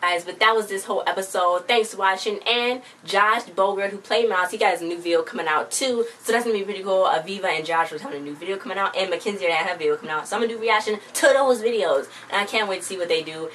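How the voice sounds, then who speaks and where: A woman's voice: mid-range voice, fairly bright tone. A young woman vlogger casually recapping a TV episode, rambling and quoting the characters one after another. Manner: rambling, quotes characters in quick succession. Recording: distant mic with faint background noise.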